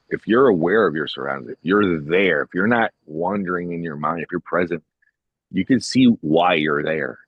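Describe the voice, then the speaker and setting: Casual podcast co-host, man, very low husky voice, rambling, dull dry sound. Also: no echo. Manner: rambling, retells conversations, swears casually. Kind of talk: casual chat.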